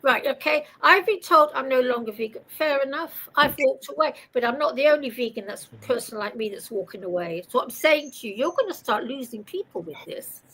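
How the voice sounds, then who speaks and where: An older Dutch-born woman with a London accent, a guest on a live-stream panel, speaking in a halting, defensive way with many restarts. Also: sits high, animated, fairly bright tone, poor audio. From Netherlands. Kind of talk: heated live-stream debate.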